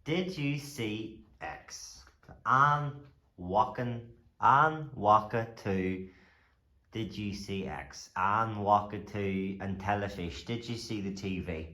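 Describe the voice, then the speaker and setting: Slow, low-voiced man teaching phrases. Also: bright, forceful tone, roomy sound. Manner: says each phrase, then repeats it slowly for the learner. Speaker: language teacher. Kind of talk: phrase-by-phrase language lesson.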